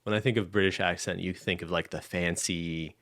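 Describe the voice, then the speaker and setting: A young man with a deep, gravelly voice, recorded dry and close with no room sound. He talks in a loose, rambling way as a podcast co-host and laughs often. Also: steady tone, a little fast, fairly bright tone, no room sound. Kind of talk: casual chat.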